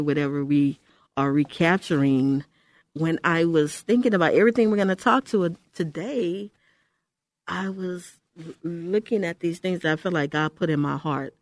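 An older woman from Houston, Texas hosts Christian radio ministry talk into a studio mic, and the recording is dry and close. Her voice is low with a darkish tone. She exhorts emphatically, circling back over phrases to hammer them home.

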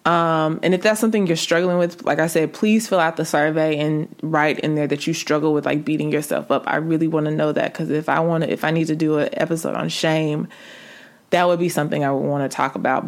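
A young woman talks candidly on her faith podcast, chatty and direct with her listeners. Her voice sits a little lower than most women's. She speaks in a relaxed, conversational monologue. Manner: chatty and candid, addresses listeners as sis and y'all. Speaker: podcast host.

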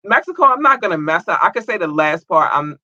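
A young American man hosting his own podcast, reading out listener shout-outs in an excited, thankful, chatty way. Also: high-pitched, quick pace, no room sound, muffled recording. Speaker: podcast host.

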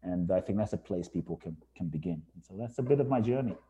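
Low-pitched, warm, fast and expressive, this English podcast guest reflects on his life in a storytelling interview. He speaks with earnest emphasis and repeats phrases to drive points home.

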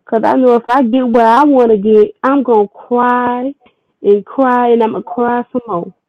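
A woman's voice: a little high, fairly even intonation, normal speed, dry recording. Sassy, encouraging woman guest. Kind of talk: casual chat. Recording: dry muffled lo-fi audio.

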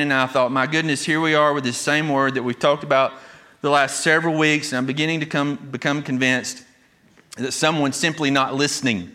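Male pastor, sermon delivery, emphatic and earnest, bright tone. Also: a little high. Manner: earnest, emphatic preaching with repeated restarts.

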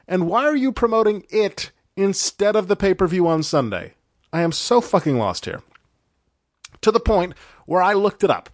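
A man's voice: high voice, very animated, moderate pace, dry recording, studio quality. A man hosting a podcast, recapping a broadcast in a sarcastic, exasperated way and swearing freely. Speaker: podcast host.

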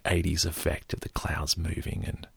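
Low, raspy man; loose, meandering storyteller, gravelly edge. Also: little pitch movement, moderate pace, dry recording, studio quality. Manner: rambling, loose storytelling with many fillers. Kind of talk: casual retelling of a film scene.

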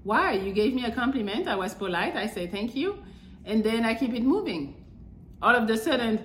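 A woman's voice: on the high side, animated, normal speed, slight background noise. Blunt, profane woman podcaster, echoey room. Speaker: podcast host. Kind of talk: casual monologue. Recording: echoey room with faint ambience.

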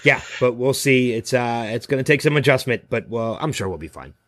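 A man co-hosting a podcast, chatting casually and telling stories in an animated way. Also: medium pitch, brisk, no room sound, studio quality. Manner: animated storyteller, acts out quotes. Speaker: podcast co-host. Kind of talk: casual chat.

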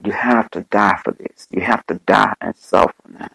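A man preaching in the voice of a stern, wrathful Jesus who is judging sinners, speaking in slow, grave pronouncements. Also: low-pitched, gravelly, pushed and bright, slightly rough, no echo, exaggerated voice, low-quality recording.

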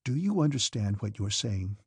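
A man's voice: medium pitch, sing-song, normal speed, creaky, a little mellow, slightly rough, no echo, studio quality, pitched above the performer's own voice, exaggerated voice. A man voicing a proud, anxious young cadet who speaks in an earnest, strained way.

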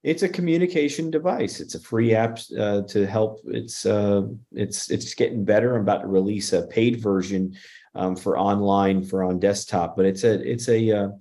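A man's voice: lowish voice, normal speed, warm tone. A man talking earnestly as a guest about spirituality and his paranormal work, with many restarts. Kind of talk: casual interview chat.

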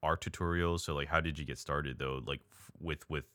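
A man's voice: a bass voice, steady tone, fairly quick, pushed and bright, smooth, no room sound, studio quality. A man hosting a podcast interview, asking rambling questions full of fillers and slang. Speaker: podcast host. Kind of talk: casual interview chat.

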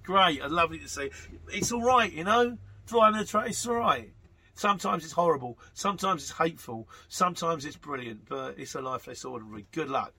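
Man, casual podcast host, husky bright tone, rambling and matter-of-fact. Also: fairly high pitch. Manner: chatty, rambling, matter-of-fact with frequent fillers. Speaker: podcast host answering listener messages. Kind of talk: casual chat.

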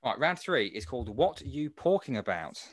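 Lively man hosting a podcast quiz. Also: mid-range voice, normal speed, dry recording. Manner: lively, announcing rules with playful asides. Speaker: quiz host.

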